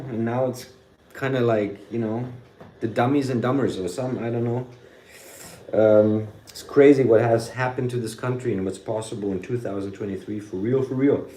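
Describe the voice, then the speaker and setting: A man's voice: medium pitch, mellow, slight background noise. A man in a casual, rambling vlog monologue, swearing freely and dropping German phrases. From United States. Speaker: vlogger. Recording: echoey room.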